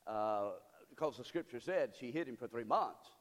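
A man preaching a sermon as pastor. He moves from loud cries to hushed pleading. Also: medium pitch, expressive, normal speed, in a large hall. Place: church sanctuary.

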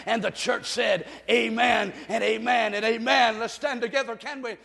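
Pastor man preaching in a church, really high voice, big hall echo, shouts then goes soft. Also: fairly even intonation, moderate pace, vocal fry, few pauses, husky, some chatter behind. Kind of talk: sermon. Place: church sanctuary. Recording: long reverb of a large hall.

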